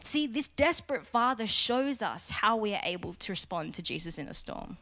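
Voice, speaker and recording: A woman's voice: mid-range voice, very animated, moderate pace, hardly any pauses, pushed and bright. A woman preaching a sermon with emphatic teaching rhythm, putting questions to her listeners.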